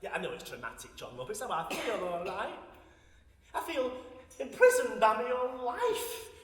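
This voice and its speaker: A man's voice: high voice, big pitch swings, moderate pace. An actor playing a lonely, foul-mouthed old woman from Sheffield in a stage monologue, blunt and darkly wry, swearing freely. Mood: bitter sardonic. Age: older. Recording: echoey hall recorded from a distance.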